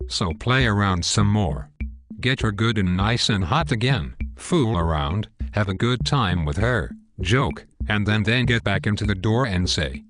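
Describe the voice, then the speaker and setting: A man giving a calm, matter-of-fact instructional monologue, explaining steps one by one. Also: lowish voice, moderate pace.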